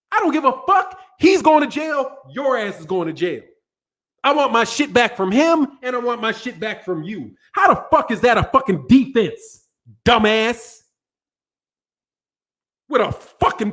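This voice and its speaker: A man with a strikingly high-pitched voice vents angrily to his live viewers. He is loudly profane and circles back to the same points again and again, as if he is arguing with the whole room. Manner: angry, profane, repetitive. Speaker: boxing channel host. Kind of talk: profane ranting commentary to a live audience.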